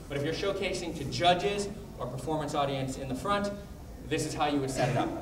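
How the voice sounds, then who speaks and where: A man teaching a martial arts class, explaining technique in a brisk coaching manner between called-out drill counts. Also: fairly high pitch. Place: martial arts training hall. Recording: echoey hall, distant mic, background noise.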